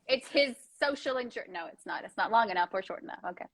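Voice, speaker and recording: A woman hosting a casual interview chat, playful and teasing, quick to joke with her guest. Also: fairly high pitch, expressive. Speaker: host.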